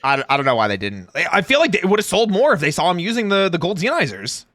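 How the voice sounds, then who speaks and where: A man hosting a live stream, chatting casually while reacting to a video, animated and quick to laugh. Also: sits high, a crowd in the background. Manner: animated, laughs easily, says "like" often. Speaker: streamer host.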